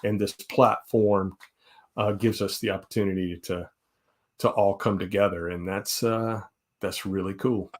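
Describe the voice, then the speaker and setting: A man's voice: fairly low pitch, fairly even intonation, a little slow. A man in his forties with a Southern US accent, chatting casually on a live stream in an easygoing, rambling way. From South Carolina, US. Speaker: guest host.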